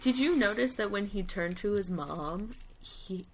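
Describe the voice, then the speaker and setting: A woman's voice: mid-range voice, animated, unhurried, slight background noise. A woman co-hosting a podcast recap in casual chat, breezy and wry, with jokey asides. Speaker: podcast co-host.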